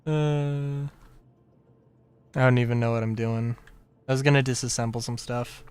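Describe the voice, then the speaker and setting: A man's voice: medium pitch, level tone, normal speed, a little mellow, smooth. A young man streaming a game live, rambling in casual commentary and often breaking into laughter.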